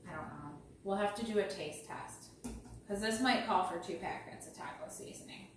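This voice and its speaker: A woman's voice: mid-range voice, normal speed. Rambling woman in an echoey kitchen. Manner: chatty, rambling, self-deprecating. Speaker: cooking vlog host. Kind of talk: casual cooking chat. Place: home kitchen. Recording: very echoey room, mic far off, noisy.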